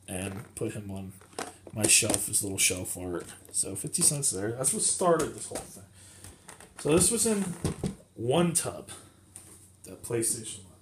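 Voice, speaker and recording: A man casually showing off his collection finds in a rambling, self-correcting vlog. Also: mid-range voice. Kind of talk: casual show-and-tell vlog. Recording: clear background noise with clicks.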